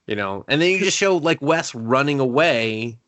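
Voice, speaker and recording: A man's voice: mid-range voice, expressive, normal speed, fairly bright tone. A man co-hosting a casual movie review chat, blunt and crude in his joking. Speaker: podcast co-host.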